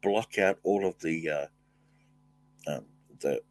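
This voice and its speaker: An older man hosting a casual livestream, thanking viewers and reading their comments, talking in halting bursts with many fillers and restarts. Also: low voice. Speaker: livestream host.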